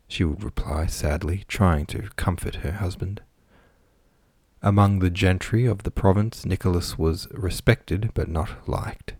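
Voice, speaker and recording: A man with a deep, low voice narrates a classic novel in a measured, even manner. The recording is dry and close, with no room sound. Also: breathy edge, no room sound. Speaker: audiobook narrator.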